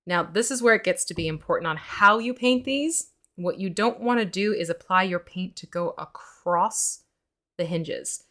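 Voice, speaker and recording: A woman's voice: lowish voice, normal speed, sharp tone. A woman casually explaining miniature painting step by step on a live stream, chatty and giggly. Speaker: mini painting instructor. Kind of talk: casual instructional chat.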